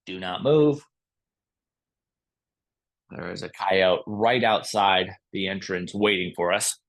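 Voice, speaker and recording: A man's voice: low voice, slow pace, pitched below the performer's own voice. A man doing a small, frightened scout rat. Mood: urgent.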